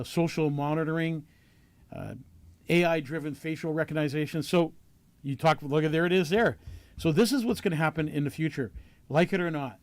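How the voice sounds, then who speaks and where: A man's voice: a little high, no echo. A man hosting a talk show, asking earnest questions with many fillers and restarts. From Canada. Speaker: show host. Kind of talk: casual talk show discussion.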